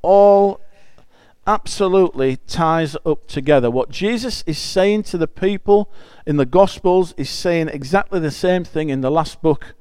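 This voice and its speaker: A man's voice: a little high, measured pace, a little mellow, clear, resonant tone, no echo. A man preaching a conversational sermon. He reads scripture aloud and explains it in a chatty, emphatic way, often restarting phrases.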